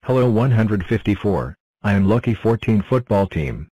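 A man voicing a cheerful talking number block in a cartoon, announcing itself in short flat sentences. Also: fairly low pitch, normal speed, husky, no room sound, poor audio. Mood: plain.

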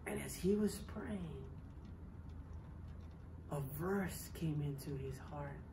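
A woman telling a missionary story to children at church, with animated and dramatic shifts in loudness. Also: low voice, takes it slowly, creaky, background noise.

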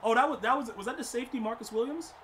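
A man streaming a football video game, commenting live and talking to his chat, often exasperated and breaking into loud outbursts. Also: very high voice, very fast, a crowd in the background. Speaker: gaming streamer.

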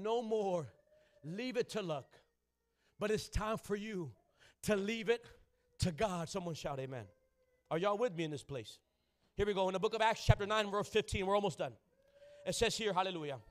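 A young adult man preaching a rousing sermon, calling for the congregation to answer and often breaking into shouts. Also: high-pitched, animated, normal speed, pauses often.

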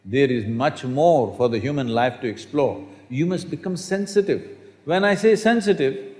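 A man's voice: mid-range voice, normal speed, a little mellow. An older man giving a spiritual talk to an audience in a hall, telling stories and asking the audience questions. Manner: storytelling, asks the audience questions. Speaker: spiritual teacher.

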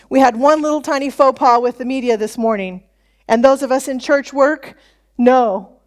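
High-voiced woman pastor, lively conversational sermon delivery. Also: fairly quick. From United States. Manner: conversational preaching, animated quoted voices. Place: church.

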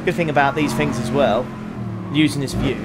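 A man commentating his own sim race on a live stream, excitable and chatting to his viewers. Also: medium pitch, normal speed, over loud music. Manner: excitable, laughs often, chats to viewers.

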